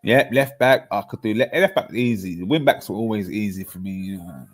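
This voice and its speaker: A man's voice: fairly low pitch, expressive, a little fast. A man, chatting casually and boastfully about football on a podcast with friends, rambling between slangy asides.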